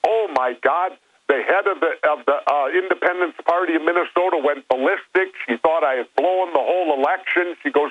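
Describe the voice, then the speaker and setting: A man's voice: fairly high pitch, fairly quick. An older man, a guest calling in, telling stories and arguing bluntly in a phone interview. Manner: blunt, storytelling. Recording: tinny phone line.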